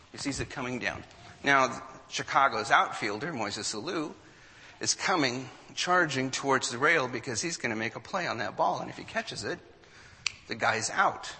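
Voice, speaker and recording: Bright-voiced man telling a story in a hall. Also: medium pitch. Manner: animated storyteller, acts out quotes. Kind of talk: storytelling talk to an audience.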